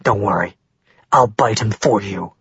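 A man voicing a young male shapeshifter, fierce but tender, in his own husky voice. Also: mid-range voice, fairly quick, no echo, highs cut off. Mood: gentle. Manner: snarling in anger, soft when comforting.

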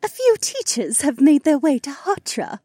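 Happy mom done by a guy, explaining stuff, mellow voice, dry. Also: very high-pitched, big pitch swings, moderate pace, dry recording, pitched above the performer's own voice. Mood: pleased. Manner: explaining, pleased. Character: warm, happy mother, middle-aged woman. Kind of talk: audiobook narration.

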